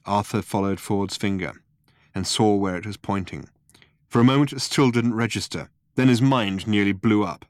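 A man's voice: lowish voice, normal speed, no echo. A man narrating an audiobook in a dry, wry storytelling manner. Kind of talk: scripted narration.

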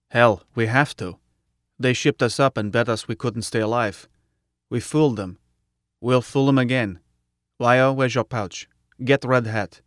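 A man's voice: mid-range voice, clean tone, no room sound, clean studio sound. A man narrating a story in the first person, with blunt, clipped phrasing. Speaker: audiobook narrator.

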